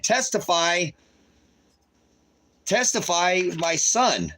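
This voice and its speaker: Man in a heated livestream rant, reading papers aloud and swearing; mid pitch, light background noise. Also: lively intonation, measured pace, long pauses, fairly bright tone. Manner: angry, swearing, repeats himself, reads documents aloud. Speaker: livestream host.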